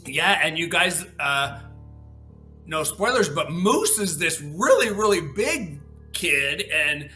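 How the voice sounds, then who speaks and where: A host in a casual interview chat, talking in a chatty, hesitant way full of restarts. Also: female voice, sits low, big pitch swings, slow pace, pushed and bright, faint music behind, poor audio.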